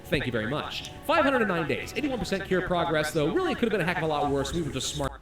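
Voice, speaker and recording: A man playing a game on video, excitedly reading its story text aloud and reacting with laughs. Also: fairly high pitch, fast talker, reverberant, distant mic, soft background music. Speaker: gaming YouTuber.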